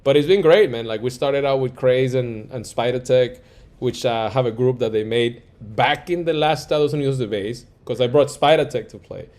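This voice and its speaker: Animated man telling studio stories. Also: medium pitch, moderate pace. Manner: animated storyteller, acts out quoted dialogue; frequent fillers like "like" and "yo". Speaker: music producer and engineer. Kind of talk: casual interview chat.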